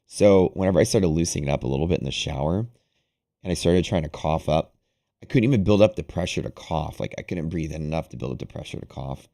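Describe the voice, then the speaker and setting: Casual streamer host, young man, very deep voice, loose rambling storyteller. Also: quick pace, gravelly. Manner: rambling, animated, heavy use of "like". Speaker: day-trading livestream host. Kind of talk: casual storytelling to a live audience.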